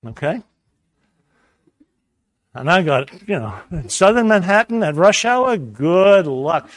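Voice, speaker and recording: A man preaching a sermon, telling a personal story in a lively way and acting out the voices in it. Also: sits high, takes it slowly, no echo. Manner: animated storyteller, acts out voices.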